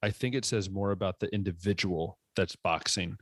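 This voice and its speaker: A man's voice: sits low, fairly even intonation, moderate pace, dry recording. A man co-hosting a sports podcast in casual chat, frank and opinionated, often cutting in with his own takes.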